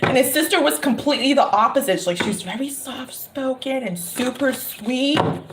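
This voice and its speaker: A woman's voice: sits high, expressive, normal speed. A woman giving a casual tarot reading, chatting and laughing often between remarks. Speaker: tarot reader. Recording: noticeable background noise.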